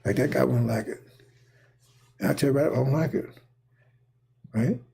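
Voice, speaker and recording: Speaking in a mid-range, gravelly voice with a dark tone and a breathy edge, this man delivers a prophetic monologue at normal speed. It's rambling and casual, full of repetition, and he keeps asking his listeners "see?" and "right?".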